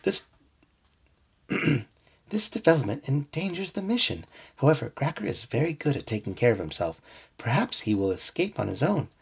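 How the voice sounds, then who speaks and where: A man reading aloud and voicing a tiny female alien who speaks in a formal, measured way. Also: medium pitch, big pitch swings, gravelly, husky, heavily acted. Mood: worried.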